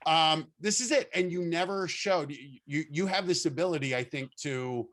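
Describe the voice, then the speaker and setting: A man interviewing a colleague in a casual chat, halting with many restarts and repeated words. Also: on the high side, fairly bright tone.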